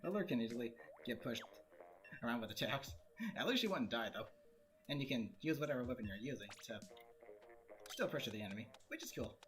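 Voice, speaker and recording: Lively man streaming a game. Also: medium pitch. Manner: animated, joking, quick to laugh and grumble. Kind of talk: casual gameplay commentary. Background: game music.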